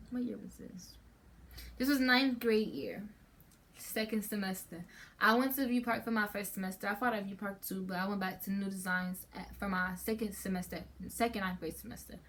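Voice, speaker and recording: A teenage girl vlogger tells a casual storytime on her channel in a medium-pitched, slightly bright voice. She rambles chattily, constantly stopping to restart sentences and filling pauses with "like" and "um".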